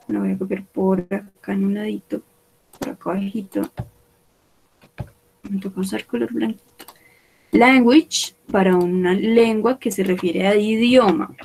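A woman leads a bilingual vocabulary lesson. She speaks very slowly and deliberately, repeating each English word so learners can copy it. Her voice sits at an ordinary middle pitch. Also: darkish tone, a little hiss or hum, rough recording. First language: Spanish. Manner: slow, repeats words for pronunciation. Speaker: English teacher.

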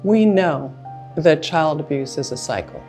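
Deep-voiced woman, sincere testimony, soft music under. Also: animated, unhurried. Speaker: charity staff member. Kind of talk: interview testimony.

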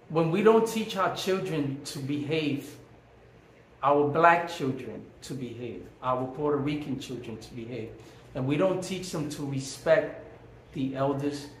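Emphatic man telling a story in an echoey room. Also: a little high. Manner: emphatic, preachy, repeats phrases for effect. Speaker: vlogger. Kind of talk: personal storytelling monologue. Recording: echoey room, faint background hum.

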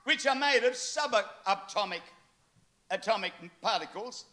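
Older man, pastor, sermon, high voice, animated storytelling. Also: measured pace. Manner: animated storytelling with acted quotes.

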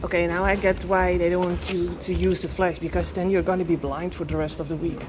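A woman with a Dutch accent chatting excitedly in English on a handheld travel vlog, breaking into hushed, awed asides. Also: brisk, noisy background. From Netherlands. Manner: excitable, talks to animals in a high baby voice. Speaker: travel vlogger. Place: outdoors in a park and inside a castle in Japan.

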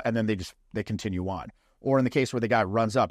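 A man coaching dating in a casual, blunt way, swearing freely and acting out quick mock lines. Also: on the low side, dry recording, studio quality.

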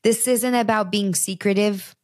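A woman's voice: mid-range voice, steady tone, normal speed, a little mellow, dry recording, clean studio sound. Earnest woman giving parenting advice. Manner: earnest, conversational, addresses listeners directly. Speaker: podcast host.

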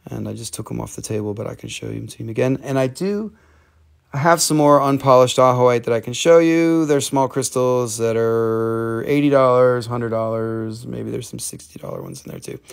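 A man with a gravelly, slightly high voice hosts a live sale of rocks and minerals. He rambles, jokes and swears casually as he shows each piece. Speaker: rock and mineral seller on a live stream. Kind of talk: casual live sales chat.

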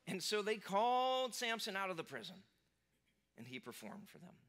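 A man's voice: a little high, very animated, normal speed, long pauses, fairly bright tone. A man preaching a sermon in a casual, conversational way, full of fillers and restarts, who acts out the lines of the people he describes. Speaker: pastor. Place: church sanctuary.

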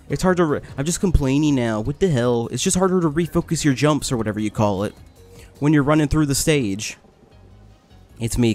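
A man giving casual let's-play commentary, complaining, swearing and getting excited as he plays. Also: fairly high pitch. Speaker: gaming video host.

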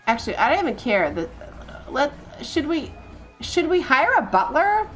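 A woman's voice: sits high, very animated, moderate pace, a bit bright, faint music behind. A woman streaming a life-simulation game, chatting and bossing her characters around with lots of laughs and stumbling repeats. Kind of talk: live gameplay commentary.

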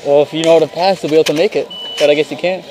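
A man's voice: fairly high pitch, fairly even intonation, very fast, darkish tone, slight background noise. A man chatting casually in a travel vlog, joking with family and talking to the camera. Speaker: vlogger.

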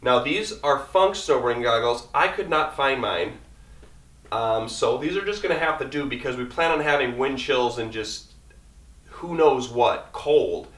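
A man talking quickly and casually through his camping gear, rambling as he goes. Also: mid-range voice, animated, fairly bright tone, far from the mic. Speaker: outdoor vlogger. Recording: echoey room, mic set back.

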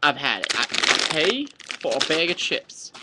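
A man's voice: a little high, very animated, unhurried, very noisy. A young man vlogging a mock-angry comic rant to camera, exaggerated and sweary.

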